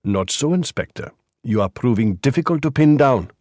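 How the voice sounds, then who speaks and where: A man narrating an audiobook voices an earnest, principled lawyer who speaks in a measured way. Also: medium pitch, lively intonation, a little mellow, dry recording, clean studio sound, lightly acted.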